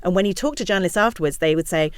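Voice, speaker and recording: Casting: woman expert guest, rapid and animated delivery, dry close-mic sound. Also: fairly low pitch, smooth, no room sound. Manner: animated, acts out quotes of others. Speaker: guest, misinformation researcher. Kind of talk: podcast conversation.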